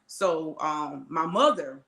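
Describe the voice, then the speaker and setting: A woman's voice: low voice, expressive, slow pace, creaky, a bit bright, echoey room. A woman guest telling her life story in an earnest, conversational way, with many asides and acted-out quotes. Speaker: interview guest.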